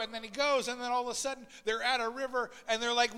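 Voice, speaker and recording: A man preaching a sermon as pastor, swinging between loud, urgent passages and quiet asides, and voicing Bible figures in a raised voice. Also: extremely high pitch, little pitch movement, fast, hardly any pauses, smooth, big-room sound. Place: church sanctuary.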